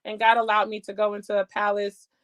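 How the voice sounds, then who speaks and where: A woman guest telling her faith testimony in a casual, animated way, acting out the voices she quotes. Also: medium pitch, quick pace, lo-fi sound.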